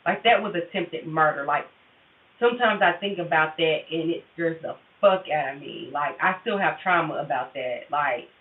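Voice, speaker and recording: A woman's voice: sits low, normal speed. A woman livestreaming a tarot session, talking candidly and profanely straight to her viewers in casual chat. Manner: candid, profane, confessional, addresses viewers directly. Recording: tinny phone-like audio, roomy and distant.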